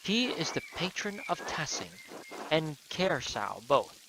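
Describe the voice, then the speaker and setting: A man voicing a pious monk who speaks slowly and solemnly. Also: on the high side, big pitch swings, vocal fry, noisy background, pitched above the performer's own voice, full character voice. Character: solemn pious monk, quietly proud of his duties.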